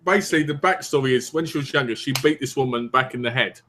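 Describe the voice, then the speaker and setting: A man's voice: medium pitch, quick pace, noisy background. A man from the East End of London, chatting casually as a podcast co-host and telling teasing, jokey stories. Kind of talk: casual chat.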